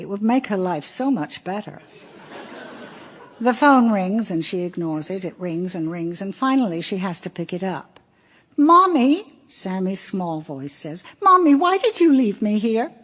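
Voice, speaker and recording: A woman narrating an audiobook in a wry, measured storytelling voice. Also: lowish voice, animated, darkish tone, slightly rough. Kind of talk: audiobook reading.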